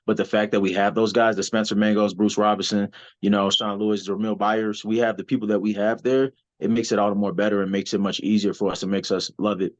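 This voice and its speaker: A man's voice: on the low side, quick pace. A man, a wrestler and soldier, telling stories in a casual interview with lots of fillers and restarts. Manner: animated, rambling storyteller, many fillers. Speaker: wrestler and soldier, podcast guest. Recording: slightly dull, lo-fi audio.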